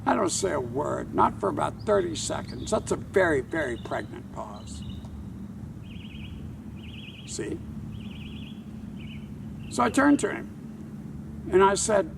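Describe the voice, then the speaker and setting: An older man, a tour guide and author, telling a wry, measured anecdote to camera outdoors. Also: fairly high pitch, very animated, gravelly, far from the mic, background noise. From Charleston, South Carolina.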